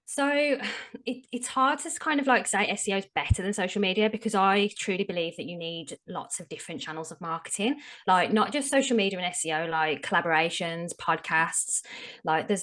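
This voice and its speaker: A woman's voice: mid-range voice, normal speed, fairly bright tone. A woman explaining her field as a podcast guest in a frank, conversational way, stressing her key tips. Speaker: SEO strategist, podcast guest. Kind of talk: casual interview chat.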